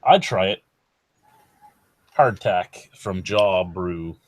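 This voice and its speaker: A man's voice: deep voice, extremely slow, dry recording. Offhand man, dry close sound. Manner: profane, offhand, drawling delivery. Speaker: podcast host reading beer news. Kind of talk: casual chat.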